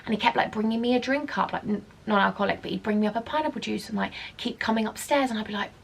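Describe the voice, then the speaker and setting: A young woman in her twenties telling a storytime vlog in an animated, gossipy way, often dropping into whispers. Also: mid-range voice, very fast, creaky, a little hiss or hum. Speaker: vlogger.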